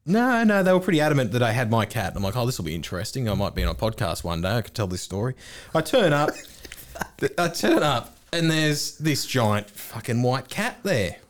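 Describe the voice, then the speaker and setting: A man's voice: mid-range voice, sing-song, brisk. A man, co-hosting a podcast and telling a rambling, laughing, sweary anecdote. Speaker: podcast co-host. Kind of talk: casual chat.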